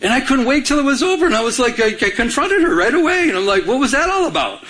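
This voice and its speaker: A middle-aged man from Michigan preaching a sermon and telling a personal story with animated, acted-out dialogue. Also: very high voice, fast. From Michigan, USA. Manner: animated storytelling, acting out his own past jealousy. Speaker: pastor.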